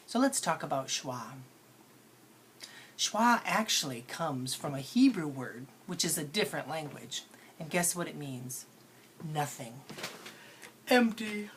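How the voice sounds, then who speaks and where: Low-voiced woman teaching pronunciation playfully. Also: slight background noise. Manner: playful, coaxing, asks learners questions. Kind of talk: instructional lesson to camera.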